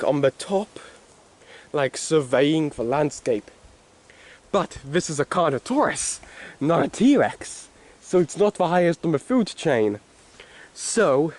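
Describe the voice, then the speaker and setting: Chatty male game vlogger. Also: fairly high pitch. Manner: chatty, rambling with restarts. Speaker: gaming video host. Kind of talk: casual game commentary.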